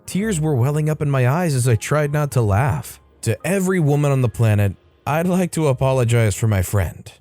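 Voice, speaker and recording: Guy reading reddit-style stories, wry and chatty, mellow dark voice, faint music under. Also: medium pitch, expressive, moderate pace, hardly any pauses, no echo. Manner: wry, conversational storytelling. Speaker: storytime narrator. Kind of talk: reading online stories aloud.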